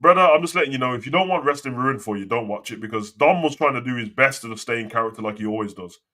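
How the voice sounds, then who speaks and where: Ranting man, bright sharp voice. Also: mid-range voice, quick pace. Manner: swearing, ranting, slangy. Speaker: wrestling show host. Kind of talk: casual live commentary and rant.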